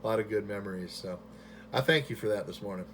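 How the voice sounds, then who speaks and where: A man chatting on ham radio from his home station into a boom mic, relaxed and friendly with lots of fillers. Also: fast, noisy background. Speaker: amateur radio operator. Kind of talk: ham radio contact chat.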